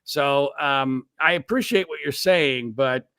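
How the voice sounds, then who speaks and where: A man's voice: mid-range voice, slow, a bit bright, clear, resonant tone, no room sound, studio quality. A man in his late fifties, a podcast guest talking casually, emphatic and sarcastic, often repeating words as he starts a thought. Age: 50s.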